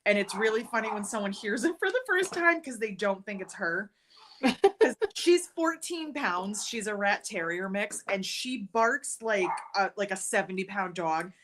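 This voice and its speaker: A chatty woman co-hosting a home sewing live stream, her talk light and quick with frequent laughter. Her voice sits at a middle pitch. A faint hiss runs under the computer mic. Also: lively intonation, a bit bright. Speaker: livestream co-host. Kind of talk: casual chat while sewing. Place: home sewing room with barking dogs.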